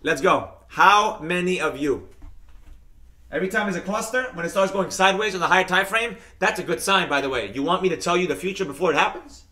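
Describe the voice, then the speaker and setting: A man's voice: high voice, brisk, pushed and bright. A man hosting a live-streamed trading lesson. He talks straight to his viewers, reads out their comments, and keeps chanting hyped catchphrases.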